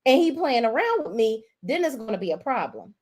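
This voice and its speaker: A woman's voice: very animated, fairly quick, darkish tone. A woman voicing a frantic, panicking woman in an acted quote while retelling a drama episode. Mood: furious. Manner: shrill, breathless, frantic.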